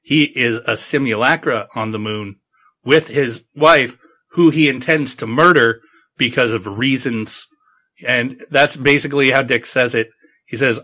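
A man's voice: medium pitch, unhurried, sharp tone. A man hosting a casual book recap, rambling and irreverent, swearing freely as he goes.

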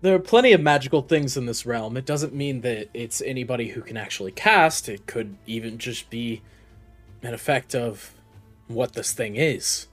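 A man's voice: mid-range voice, animated, moderate pace, fairly bright tone, faint music behind. Matter-of-fact male player. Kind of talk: tabletop game chat.

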